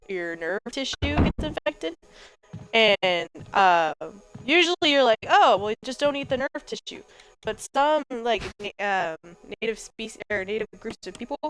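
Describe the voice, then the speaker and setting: A woman's voice: medium pitch, a bit bright, smooth, low-quality recording. A woman giving let's play commentary as a gaming host, chatty and jokey and rambling as she plays.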